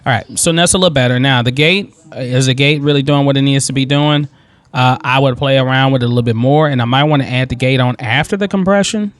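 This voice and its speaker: A man hosting a software tutorial, thinking aloud in a loose, informal way as he works on screen. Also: medium pitch, fast talker. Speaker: tutorial host.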